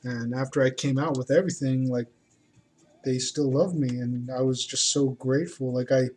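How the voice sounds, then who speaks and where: A man's voice: medium pitch, fairly even intonation, normal speed, a little mellow, faint music behind. A man talking casually while he draws, rambling and hesitant, with many fillers and restarts. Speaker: artist. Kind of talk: casual talk while drawing.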